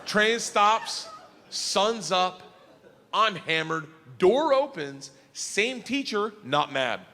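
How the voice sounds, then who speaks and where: A man doing stand-up storytelling, loud and profane, with animated delivery and shouted punchlines. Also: high-pitched, very slow, long reverb tail. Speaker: stand-up comedian.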